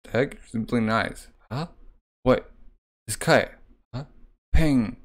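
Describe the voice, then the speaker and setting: A man casually reading a manga aloud, halting and adding sound effects. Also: mid-range voice. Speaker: manga reader.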